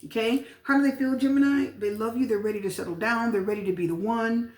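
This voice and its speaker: A woman giving a casual tarot reading, chatty and repetitive, often pausing with fillers. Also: on the high side, a little mellow. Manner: chatty, repeats phrases, frequent fillers. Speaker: tarot reader. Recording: echoey room with faint noise.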